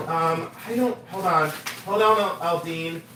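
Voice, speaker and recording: A man hosting a live jewelry sale stream, chatting excitedly, joking and laughing with viewers. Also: fairly high pitch, a little slow, background noise. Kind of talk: casual live-stream sales chat.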